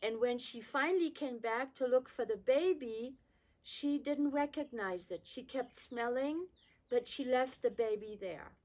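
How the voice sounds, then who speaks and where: A woman's voice: on the high side, measured pace, poor audio. Older woman telling a family story. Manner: lively, voices her father and her child self in quotes. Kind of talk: personal storytelling.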